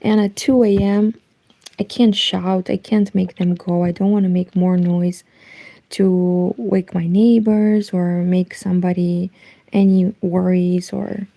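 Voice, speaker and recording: A woman from Eastern Europe with a Romanian accent, speaking Romanian natively, chatting softly at home late at night on a knitting livestream, her voice nearly gone. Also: on the low side, flat delivery, measured pace. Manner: soft-spoken, reads chat aloud. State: nearly lost voice.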